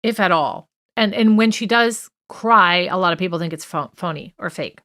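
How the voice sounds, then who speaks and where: A woman's voice: on the low side, moderate pace, a bit bright. A woman co-hosting a true crime podcast, talking through a list in a chatty, opinionated way with many fillers and asides. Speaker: podcast co-host.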